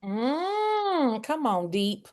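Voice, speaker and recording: A woman's voice: high voice, extremely slow. A woman leading a group coaching video call, energetically calling on people by name and repeating key phrases for emphasis. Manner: energetic, calls on participants by name, emphatic repetition.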